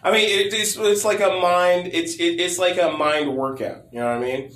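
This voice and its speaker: A man's voice: sits high, normal speed, a bit bright. Rambling, swearing man in an echoey room. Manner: rambling, stammering restarts, frequent swearing. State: hoarse, losing his voice. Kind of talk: casual chat. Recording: roomy echo.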